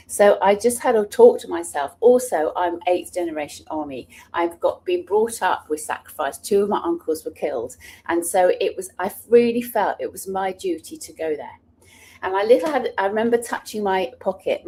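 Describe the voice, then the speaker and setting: A woman's voice: lowish voice, darkish tone, a little hiss or hum. A middle-aged woman, an author and speaker, telling personal stories in an earnest, passionate way, sometimes restarting her sentences. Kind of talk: personal storytelling talk.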